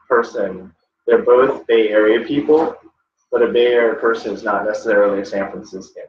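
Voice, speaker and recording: A man's voice: medium pitch, slight background noise. Male test-prep tutor, chatty lecture style, roomy echo, recorded from across the room. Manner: conversational, checks in often with "okay?". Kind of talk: classroom lecture. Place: classroom. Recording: echoey classroom, distant muffled mic.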